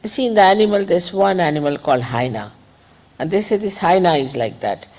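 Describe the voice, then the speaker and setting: A woman giving an informal spiritual talk, conversational and digressive, gently admonishing her listeners. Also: fairly low pitch, animated, a little fast, poor audio. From India. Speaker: spiritual teacher.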